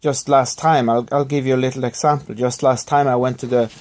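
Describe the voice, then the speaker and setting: Male vlogger, subdued and halting, recovering from illness, apologetic in tone. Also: medium pitch, steady tone, darkish tone. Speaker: YouTuber thanking subscribers. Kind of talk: rambling personal vlog.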